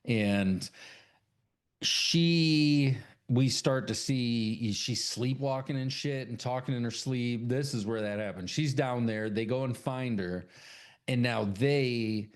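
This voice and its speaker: A man's voice: medium pitch, slow, clean tone. A man co-hosting a casual podcast, eagerly retelling film scenes, swearing often and acting out characters' lines. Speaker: podcast co-host. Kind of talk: casual chat.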